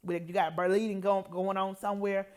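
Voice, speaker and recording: A woman's voice: mid-range voice, moderate pace. A woman telling an emotional healing testimony as co-host, acting out the people she quotes. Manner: emotional storytelling, quotes others in lively voices.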